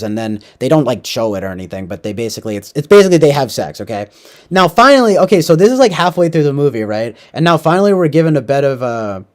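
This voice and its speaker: A young man casually recapping a movie, rambling with lots of fillers. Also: a little high. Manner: rambling, filler-heavy, animated. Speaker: podcast host.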